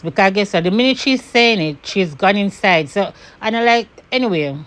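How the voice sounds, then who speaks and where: A Jamaican woman from Jamaica telling a personal story to camera in an animated way. She swears and slips into patois when she is angry. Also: mid-range voice, normal speed, hardly any pauses.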